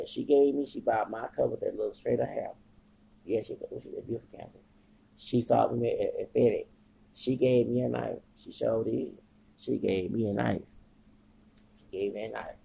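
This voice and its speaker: A man with a gravelly, husky voice rants through an agitated, profanity-laced podcast monologue. He circles back and repeats himself as he goes. The recording sounds dull and lo-fi. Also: mid-range voice, dark tone. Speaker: podcast host. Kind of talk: rambling casual monologue.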